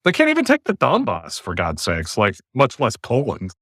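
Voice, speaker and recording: A man's voice: medium pitch, huge pitch swings, moderate pace, pushed and bright, no room sound, studio quality. An American man hosting a podcast, speaking bluntly and emphatically in long runs of argument over a remote call. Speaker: podcast host. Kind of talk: opinionated casual podcast talk.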